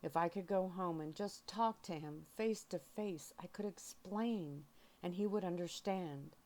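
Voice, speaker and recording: A woman reads a novel aloud in a soft-spoken ASMR style. Her voice sits low and moves slowly, carrying quiet emotion through the first-person story. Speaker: audiobook reader.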